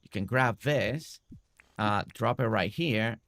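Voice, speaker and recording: A man's voice: on the low side, slow, a bit bright. A man streaming a game, casually talking through a building tutorial step by step and often checking in with "right?".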